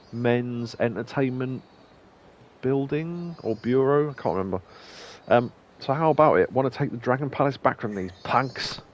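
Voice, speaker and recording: Here the same kind of let's play streamer, a young man, voices the game's lines and laughs through meandering asides. He speaks at a medium pitch over a little hiss or hum, while game music plays faintly.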